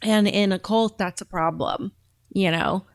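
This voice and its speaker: A woman's voice: medium pitch, fairly even intonation, a little slow, dry recording. A woman hosting a show and reacting to videos in a chatty, rambling way, often laughing. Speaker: host. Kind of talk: casual reaction commentary.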